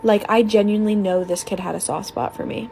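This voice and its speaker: A nineteen-year-old woman telling a personal storytime, rapid and emphatic. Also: medium pitch, steady tone, warm tone, a little hiss or hum. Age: about 19. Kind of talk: storytime video.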